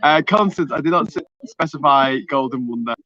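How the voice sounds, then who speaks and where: A man's voice: medium pitch, fairly quick. A man co-hosting a live stream, teasing his co-host and reading out super chats in casual banter. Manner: teasing, jokey, animated. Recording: slightly dull lo-fi stream audio.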